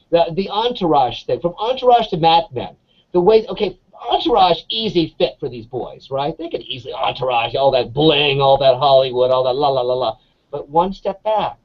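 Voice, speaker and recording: A man, an English professor, chatting in an interview as an animated storyteller full of restarts and fillers. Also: a little high. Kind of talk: casual conversational interview. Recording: dull lo-fi sound.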